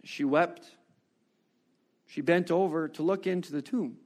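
A man preaching a sermon, reading scripture and reflecting on it with expressive, rising rhetorical questions. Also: fairly high pitch, unhurried.

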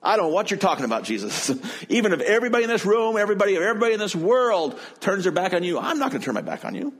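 A man's voice: sits high, sing-song, husky, pitched above the performer's own voice, full character voice. A preacher voicing an impulsive, boastful male disciple who insists he will never turn away. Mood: insistent. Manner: insistent, rushed protesting.

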